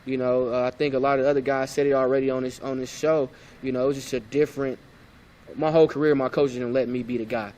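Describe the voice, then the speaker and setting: A man's voice: medium pitch, fast. A man in his thirties, a former point guard, telling stories in a casual podcast interview and acting out old conversations. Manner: animated, acts out past conversations.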